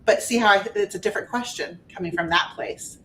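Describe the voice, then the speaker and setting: A woman guesting as a spiritual life coach on a podcast, talking in a gentle, earnest, reflective way. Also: mid-range voice, a little fast, a little hiss or hum. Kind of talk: podcast conversation.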